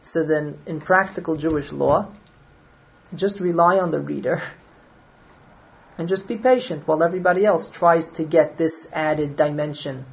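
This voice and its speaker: Low-voiced woman explaining Jewish law. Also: moderate pace, creaky, lo-fi sound. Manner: reasoning aloud, checks understanding with listeners.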